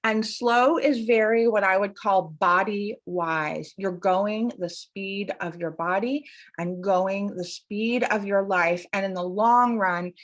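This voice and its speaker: A woman who works as an academic coach, talking casually to camera as the host of her show. She talks expressively, with wide swings in pitch and frequent laughter. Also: a bit bright.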